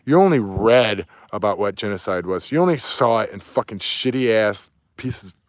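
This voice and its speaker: A man's voice: fairly low pitch, animated, normal speed, no room sound, clean studio sound. A man delivering an angry, profane, preachy rant outdoors. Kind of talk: ranting monologue. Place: outdoors near woods, with dog.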